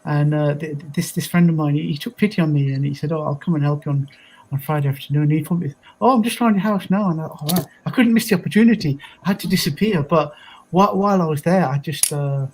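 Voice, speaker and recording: A man's voice: a little high, quick pace, a little mellow, rough recording. A man hosts a casual chat, wandering through long anecdotes with plenty of restarts. Faint noise sits under his voice. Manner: rambling anecdotes with many restarts. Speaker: host.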